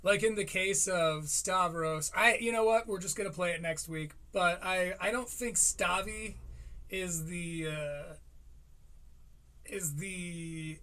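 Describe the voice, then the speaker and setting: A man's voice: sits high, slow pace, pushed and bright. A man in his thirties hosting a reaction commentary, rambling, swearing and laughing through asides. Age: 30s. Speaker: commentary host.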